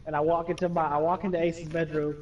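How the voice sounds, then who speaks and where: A man's voice: fairly high pitch, fast talker, distant mic, highs cut off, slight background noise. A young man casually telling profane stories over gameplay, acting out his friends and family. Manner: animated, profane, acts out quoted friends and family. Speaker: streamer telling stories while playing.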